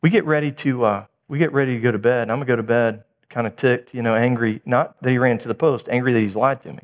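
Middle-aged male pastor, sermon delivery, animated storyteller, middle pitch. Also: fast. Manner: animated storytelling, acting out dialogue.

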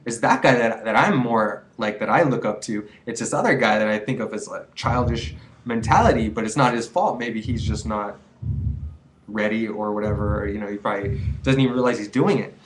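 A man's voice: fairly low pitch, brisk, poor audio. A man in his twenties talking casually to the camera, giving earnest advice with many restarts and fillers. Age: 20s. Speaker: vlogger giving quitting advice.

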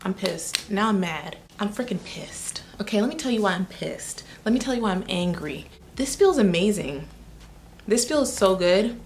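A woman's voice: medium pitch, expressive, moderate pace, slight background noise. A young woman doing a casual, chatty makeup try-on review, with sassy asides. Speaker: beauty vlogger.

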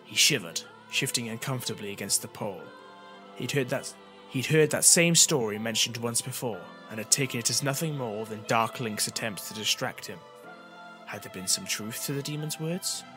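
A man reading an audiobook chapter as narrator, in an even storytelling manner. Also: medium pitch, moderate pace, music in the background. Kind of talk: scripted narration.

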